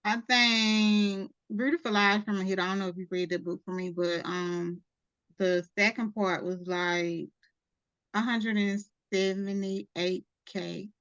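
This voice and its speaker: A woman from Mississippi with a Southern accent, a guest author chatting in a lively, casual way with drawling slang and laughter. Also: mid-range voice, measured pace, clean tone, no echo, lo-fi sound. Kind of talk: casual interview chat.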